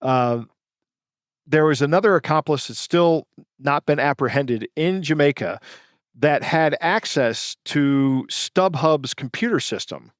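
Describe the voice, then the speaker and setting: A man co-hosting a podcast, recounting news stories in a casual, halting way with many fillers and self-corrections. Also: fairly high pitch, no echo, clean studio sound. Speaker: podcast co-host.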